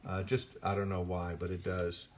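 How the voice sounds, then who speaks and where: A man's voice: sits low, monotone, moderate pace, slight background noise. An older man, a voice actor at an autograph signing, telling rambling stories in casual chat and often restarting his sentences. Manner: rambling anecdotes with frequent restarts and self-corrections.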